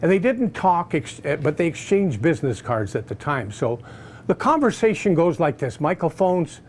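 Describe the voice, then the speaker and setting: A man with a fairly high voice tells his own story in a casual, animated way. He acts out the other people in it, with his pitch bouncing all over, and a faint noise hums in the background. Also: moderate pace. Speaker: customer giving a testimonial.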